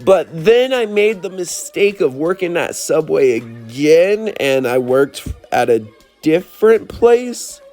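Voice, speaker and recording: With faint music playing, a young man tells a vlog storytime about a workplace argument from when he worked in New Mexico. His voice is on the high side with a darkish tone, very animated but slow, and he's blunt and profane as he acts out the dispute.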